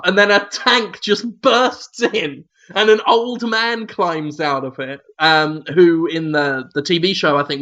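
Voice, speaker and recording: A British man with a high voice rambles through crude, sardonic banter. His delivery is casual and comedic, and the recording sounds dull and lo-fi. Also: pushed and bright.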